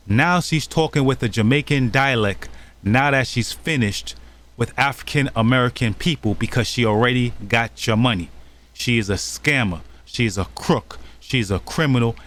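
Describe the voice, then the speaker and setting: A man's voice: mid-range voice, a bit bright. A man hosting a channel, talking over clips in an accusatory, scolding commentary. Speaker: channel host.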